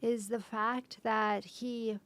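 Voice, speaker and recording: A woman being interviewed as a podcast guest, retelling a painful personal story haltingly, with restarts and frequent drops to a soft whisper. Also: fairly high pitch, little pitch movement.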